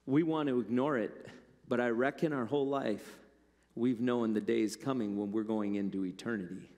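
A man's voice: mid-range voice, normal speed, darkish tone. A male pastor preaching a sermon in a conversational, storytelling way. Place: church. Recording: long church-hall reverb.

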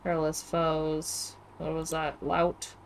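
A woman streaming a game from home, reacting aloud in casual, expressive commentary full of exclamations. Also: low voice, slow pace, creaky, faint music behind. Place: home with webcam.

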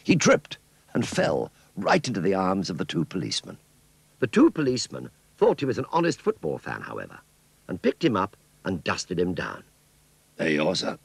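A man narrating a children's cartoon story in an expressive storytelling manner. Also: low voice, normal speed, vocal fry, slightly rough, no echo.

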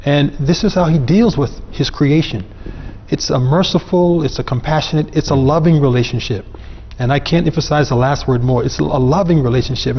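A man's voice: fairly high pitch, slightly rough. A man speaking as a guest on a panel, explaining religious ideas earnestly and with emphasis. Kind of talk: religious discussion. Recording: dull sound with long reverb.

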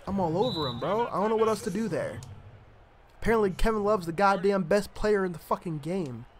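A young man mutters and swears his way through a basketball video game, trash-talking the players on screen. His voice sits a little high. A steady background noise runs behind him in a home recording. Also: brisk. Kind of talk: casual gameplay commentary.

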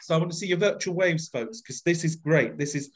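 A man's voice: fairly high pitch, brisk, background noise. A man leading an online voice workshop over a video call, coaxing the group and acting out each phrase with big, exaggerated expression. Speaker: voice workshop leader.

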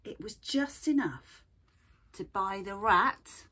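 A woman art teacher reading a picture book aloud and gently guiding young children to draw, asking them questions as she goes. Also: mid-range voice, expressive, takes it slowly, slightly rough.

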